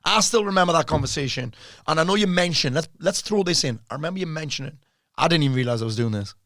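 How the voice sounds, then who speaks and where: A man's voice: fairly high pitch, lively intonation, quick pace, a bit bright, no echo, studio quality. Blunt, laughing male mentor. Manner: blunt, swears freely, laughs often. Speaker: business mentor interviewing a client. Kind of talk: casual interview chat.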